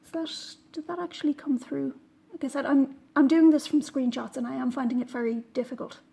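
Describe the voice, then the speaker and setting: A woman's voice: sits high, fairly even intonation, brisk, creaky, warm tone. A woman hosting a knitting podcast, talking in an indignant, emphatic way with frequent "um"s. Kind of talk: casual vlog monologue.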